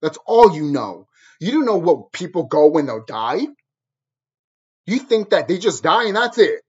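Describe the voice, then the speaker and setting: A man's voice: on the high side, big pitch swings, a little slow, husky, muffled recording. A man vlogging in an angry, profane monologue, repeating phrases over and over as he drives his point home. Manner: angry, repetitive, hammering the same phrases.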